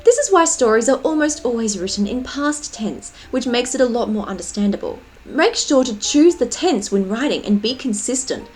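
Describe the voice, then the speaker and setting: Woman, tutorial narrator, bright-pitched and expressive, reads examples aloud. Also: moderate pace, few pauses. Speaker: writing tutor.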